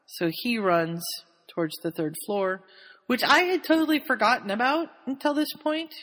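A woman's voice: on the high side, expressive, moderate pace, fairly bright tone. A woman host in casual chat, animatedly recapping a story, laughing often and slipping into quoted voices. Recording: long hall reverb.

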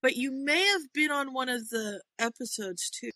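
A woman in casual chat, reacting quickly and telling short anecdotes with laughing asides. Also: sits high, sharp tone, no room sound, rough recording.

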